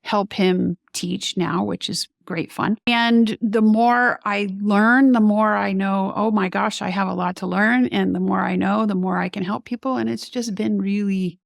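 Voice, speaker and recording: A middle-aged woman tells her story in an interview, lively and animated, slipping into the voices of the people she quotes. Her voice has a gravelly, fry-tinged edge, and the recording is dry and close. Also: mid-range voice, a little slow, hardly any pauses, no room sound. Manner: animated, acts out quoted remarks. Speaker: guest ENT doctor.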